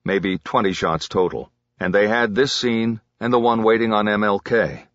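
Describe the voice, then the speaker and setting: A man reading a crime novel aloud as an audiobook narrator, measured and dramatic. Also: on the low side, steady tone, fairly bright tone, no echo, highs cut off.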